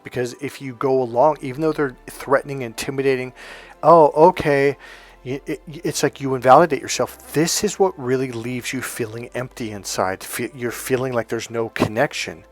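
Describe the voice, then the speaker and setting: A middle-aged man from California, a relationship coach, telling his own stories to camera in a candid, profane way. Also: mid-range voice. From California, USA. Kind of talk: casual storytelling to camera.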